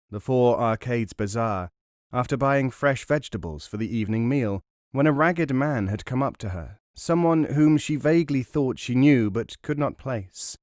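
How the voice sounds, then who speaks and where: Dry, measured male storyteller. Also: medium pitch, a little mellow, dry recording. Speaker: audiobook narrator. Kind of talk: scripted novel narration.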